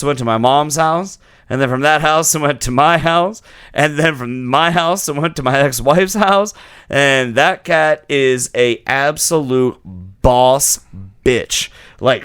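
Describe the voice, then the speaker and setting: His pitch runs fairly high as he co-hosts a podcast, chatting casually and telling an animated story where he acts out each person involved. Studio-quality, clean tone, no echo.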